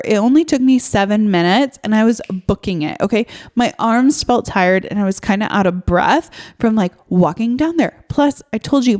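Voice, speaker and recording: A woman's voice: a little high, a little mellow. A young woman podcast host tells a story in a loose, meandering way, with lots of fillers. She sounds exasperated and chatty, and her delivery is unpolished. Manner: rambling, filler-heavy, exasperated retelling. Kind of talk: casual storytelling monologue.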